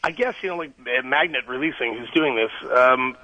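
A man's voice: mid-range voice, a little fast, no echo, muffled recording. A young man from Canada, an actor calling in to a radio show, talking casually and laughing often. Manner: laid-back, laughs often, chatty. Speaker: actor guest on phone. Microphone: phone.

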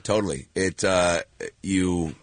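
This man has a low, deep voice and tells his stories in a loose, chatty ramble, full of fillers and restarts. He slips into lively put-on voices when quoting people. The sound is close and dry, with no room echo. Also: takes it slowly. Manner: animated storyteller who acts out quoted voices. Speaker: actor and guest. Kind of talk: casual anecdotal chat.

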